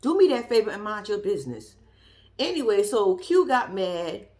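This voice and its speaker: A woman's voice: medium pitch, very animated, normal speed, darkish tone. A woman giving a sassy, profane, casual commentary as she recaps a reality show episode. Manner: blunt, profane, sassy storytelling.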